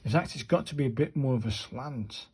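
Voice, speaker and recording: A man's voice: mid-range voice, a little fast, darkish tone, breathy edge. A man, talking viewers through handwriting practice in a chatty way and muttering to himself as he writes. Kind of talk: casual talk-through while writing.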